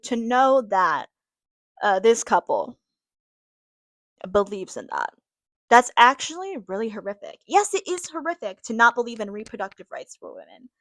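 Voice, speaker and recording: Her voice runs high and fairly bright, very animated but moderately paced, captured in studio quality with no room sound. The young podcaster rants frankly, cursing liberally, laughing along, and talking right to her viewers.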